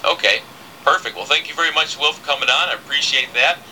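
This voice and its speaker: A man's voice: fairly high pitch, fast, sharp tone, slight background noise, poor audio. A man hosting a casual radio interview, chatty, with many fillers and restarts. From southern United States. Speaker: radio host.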